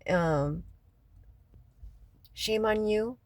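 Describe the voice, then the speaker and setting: A woman, crying as she vents in a raw, profane personal rant, her voice often sinking low and quiet. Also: drawn-out words, dry recording, low-quality recording. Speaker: local resident venting after a city meeting. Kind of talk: emotional personal vlog rant.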